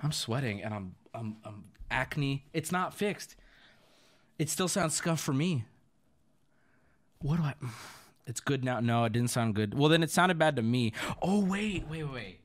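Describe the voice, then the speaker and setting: A man's voice: mid-range voice, expressive, a little slow. A young man streaming live, flustered and swearing while he fixes his audio, breaking into laughter.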